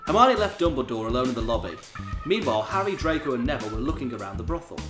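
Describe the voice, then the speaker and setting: A man's voice: mid-range voice, sing-song, very fast, roomy sound, music in the background. A man co-hosting a comedy show, reading a fan fiction aloud with joking asides and frequent laughter. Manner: laughs often, jokey asides. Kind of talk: comedic dramatic reading with banter.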